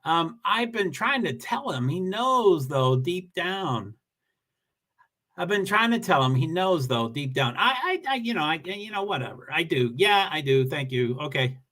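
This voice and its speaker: A man's voice: on the high side, very animated, a little slow, fairly bright tone. A man hosting a casual livestream, greeting viewers and reading their comments, talking in a rambling, self-deprecating way with many restarts.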